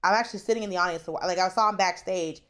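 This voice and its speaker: Lively, chatty woman comedian guest. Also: on the low side, rapid-fire. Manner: animated, chatty, full of fillers and asides. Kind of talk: casual interview storytelling.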